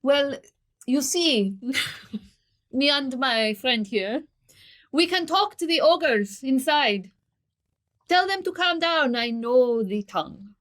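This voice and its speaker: A woman's voice: high-pitched, expressive, takes it slowly, long pauses, a bit bright. A woman playing a tabletop roleplaying game, playful in her banter. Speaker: player.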